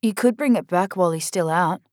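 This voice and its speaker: A woman reading the part of a blunt older sister on the phone, loud and chiding. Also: lowish voice, fairly quick, dry recording, clean studio sound, lightly acted. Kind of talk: audiobook character voice.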